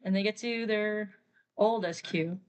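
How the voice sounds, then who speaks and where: A woman's voice: medium pitch, a little slow. A woman artist telling a comic's story in a chatty, giggly way while she draws on stream. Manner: chatty, giggly, full of fillers. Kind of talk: casual storytelling while drawing.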